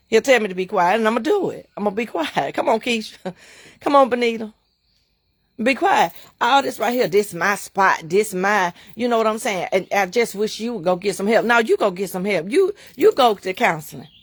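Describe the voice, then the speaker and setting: A woman's voice: medium pitch, animated, moderate pace, breathy edge, no echo, clean studio sound. A middle-aged woman hosting a livestream, preaching in an emphatic, repetitive way and laughing often. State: emotional, near tears. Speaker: livestream host and bookstore owner.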